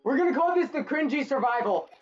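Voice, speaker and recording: Woman host, high lively voice, giggly teasing gamer banter, slightly lo-fi audio. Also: fast talker, soft background music. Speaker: gaming channel host. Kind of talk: casual gameplay chat with friends.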